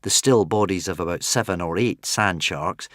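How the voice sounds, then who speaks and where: A man narrating a children's adventure audiobook in an animated, dramatic way with playful asides. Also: low voice, normal speed, no room sound, studio quality. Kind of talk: expressive storybook narration.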